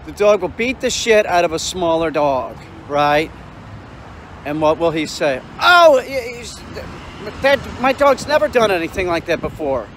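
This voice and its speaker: Blunt ranting man on a noisy street. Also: fairly high pitch. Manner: blunt, ranting, swears freely. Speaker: dog trainer. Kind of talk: casual vlog rant while walking dogs. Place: outdoors on a city street. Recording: street noise behind.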